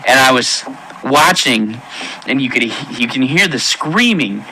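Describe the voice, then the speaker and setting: A man giving an emotional personal testimony in an earnest, halting way, with many pauses and restarts. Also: mid-range voice, expressive, sharp tone, a little hiss or hum, poor audio. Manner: intense, pleading delivery. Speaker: testimony speaker.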